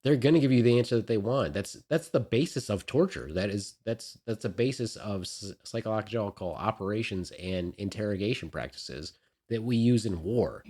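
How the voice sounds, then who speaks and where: A man's voice: on the low side, animated, moderate pace, dark tone. A man co-hosting a podcast, giving blunt, opinionated rants in casual chat and swearing freely. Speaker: podcast co-host.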